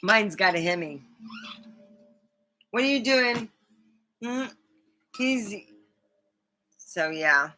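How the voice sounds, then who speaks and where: A woman hosting her own live stream from a small studio, swapping stories in a loose, chatty way. She talks bluntly and curses freely, with an animated delivery. Her voice has a bright, sharp edge. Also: mid-range voice, drawn-out words, pauses often. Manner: salty, blunt, profane, animated. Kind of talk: casual storytelling monologue.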